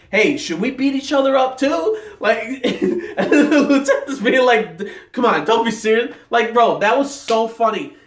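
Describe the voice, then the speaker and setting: A young anime reviewer with a high-sitting voice rambles excitedly through a casual episode reaction vlog, packing his talk with fillers and constant restarts. He sounds hyped throughout, and the room is echoey, with the mic placed at a distance.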